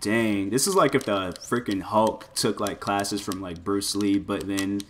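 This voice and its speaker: A man giving loose, excitable commentary over his fighting-game play, full of exclamations and filler words. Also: on the low side, a little slow, slight background noise. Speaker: gameplay commentator. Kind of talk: casual gameplay commentary.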